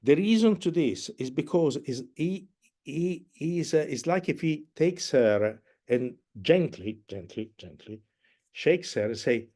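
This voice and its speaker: An opera conductor teaching a masterclass explains opera slowly and hesitantly, with many fillers. His voice is a little high, animated, and dark in tone, and he sings and hums musical phrases.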